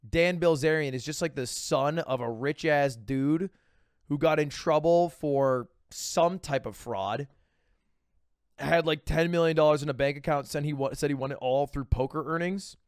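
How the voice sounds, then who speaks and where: A man's voice: on the high side, moderate pace, smooth, dry recording, clean studio sound. A man streaming from home who chats casually and rambles while joking, trailing off with little filler noises. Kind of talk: casual chat reacting to videos.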